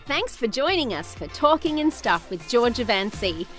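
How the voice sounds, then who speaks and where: A woman's voice: on the high side, sing-song, normal speed. A woman host reading the podcast's closing outro in a friendly, scripted way. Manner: friendly, clear, read from a script. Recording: voice over loud background music. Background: music.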